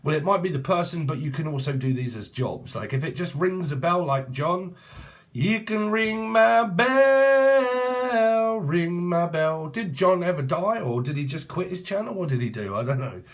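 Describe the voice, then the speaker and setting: A man's voice: fairly high pitch, animated, fairly quick, hardly any pauses. A British man in his forties giving a rambling, jokey tarot reading full of swearing and sudden sing-song asides. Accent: British English. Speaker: tarot reader.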